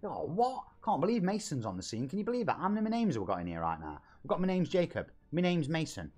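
A man's voice: a little high, very animated, fast, darkish tone. A man in his forties with a Nottingham accent, chatting on a live game stream, reading viewers' messages aloud, joking, laughing often and calling everyone mate. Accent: Nottingham English. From England. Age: 40s.

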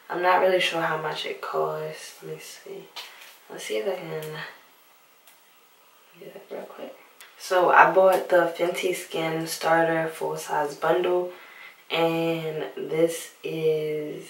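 A young woman chats through her nighttime routine in a hushed half-whisper, with a relaxed lilt. Her fairly low voice sits a bit back from the phone mic. The bathroom gives it a noticeable echo. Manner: hushed, half-whispering so as not to wake anyone. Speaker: beauty vlogger. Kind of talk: late-night casual vlog. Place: bathroom at home. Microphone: handheld phone camera. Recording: roomy, slightly distant phone audio.

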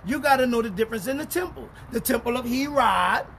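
In a street-style Bible teaching, a male pastor swings between low mutters and shouted bursts, reading scripture slowly and emphatically. His delivery is expressive with vocal fry, and there's slight background noise.

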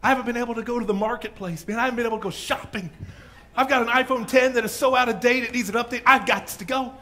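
A man voicing an excited healed teenage boy, talking fast and eagerly. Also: very high-pitched, pitched above the performer's own voice.

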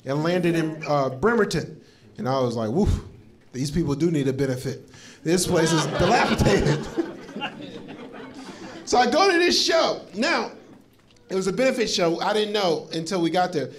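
A man from Florida works a live comedy stage, storytelling in a fairly high voice that jumps into acted-out quotes and laughing asides. The audience is loud, with laughter breaking in throughout this live club recording. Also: sing-song, normal speed, long pauses, a crowd in the background, noisy background. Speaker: stand-up comedian. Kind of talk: stand-up comedy set.

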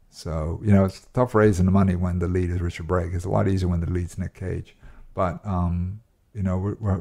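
A male actor, a guest chatting casually in a flat, relaxed and rambling with many fillers. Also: low voice, vocal fry. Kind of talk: casual interview chat. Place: host's flat.

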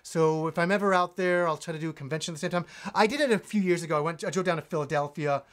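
A male host chatting casually on a live stream, reading viewer messages aloud with frequent restarts and hesitations. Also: a little high. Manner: reads viewer chat aloud, halting with many restarts.

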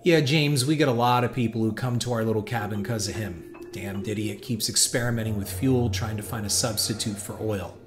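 A man's voice: fairly low pitch, brisk, hardly any pauses, over music, close to an everyday voice. A man putting on a folksy, sinister backwoods host. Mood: amused scorn. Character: friendly but sinister backwoods man, middle-aged. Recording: noisy hiss behind voice.

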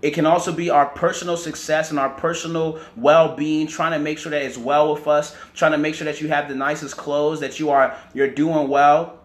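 A man's voice: on the high side, little pitch movement, normal speed, hardly any pauses, reverberant. A man preaching a teaching sermon, often repeating words and checking in with "right?" and "amen".

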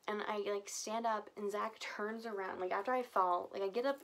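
A woman's voice: mid-range voice, fairly even intonation, brisk, vocal fry, a little hiss or hum. A young woman vlogger telling a casual storytime, chatty and full of filler words. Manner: chatty, heavy use of filler "like".

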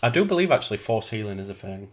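A man co-hosting a casual review chat, answering with dry, deadpan one-liners. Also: on the low side, racing. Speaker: podcast co-host.

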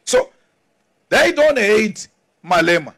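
Defiant high-voiced man orating. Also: very animated, slow, vocal fry, some chatter behind, a little hiss or hum. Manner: forceful, defiant, rhetorical. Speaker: politician addressing a crowd. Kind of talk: political speech.

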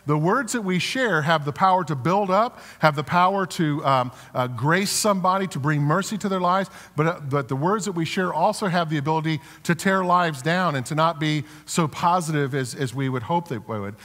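A man's voice: fairly high pitch, moderate pace, hardly any pauses, a bit bright. A man preaching a sermon as pastor, conversational and storytelling, with rhetorical questions and frequent restarts. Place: church sanctuary. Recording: long church hall reverb.

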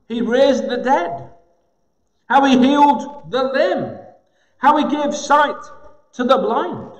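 A man preaching a sermon in a gospel hall, slow and emphatic with dramatic pauses. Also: extremely high pitch, a bit bright. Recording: echoey hall with long reverb.

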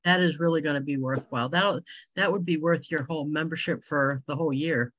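A woman's voice: deep voice, fairly quick, fairly bright tone, rough recording. A woman hosting a casual video-call chat, bubbly, exclaiming and laughing often. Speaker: host.

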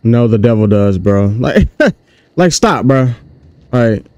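A man giving casual, animated let's-play commentary on a horror game, chatting to his viewers in slang. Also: mid-range voice, slow, smooth, no room sound, dull audio. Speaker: gaming YouTuber.

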